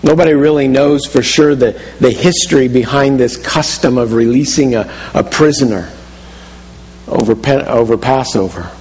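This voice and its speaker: A man delivering a sermon at a middle pitch, drawing his listeners into the scene with "you" and stumbling through restarts as he builds it up. His voice carries a long reverb, as if from a large hall. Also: normal speed, a little mellow. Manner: vivid second-person storytelling, frequent restarts. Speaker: pastor.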